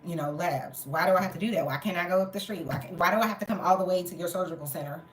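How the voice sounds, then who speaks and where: A storytelling vlogger, tired and in pain, tells an animated, exasperated story in casual chat, swearing at times. Her lowish voice races along, and the recording has roomy echo and slight background noise.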